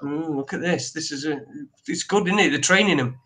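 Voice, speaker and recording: A man co-hosts a casual news chat. His voice sits a little high for a man. He rambles, hesitates and restarts as he reads articles aloud. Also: brisk, pushed and bright, a little hiss or hum. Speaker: podcast co-host.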